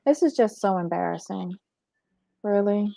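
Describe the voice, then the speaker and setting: A woman panelist in casual commentary, speaking in a measured, earnest way. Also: mid-range voice, lively intonation, creaky, warm tone, no echo.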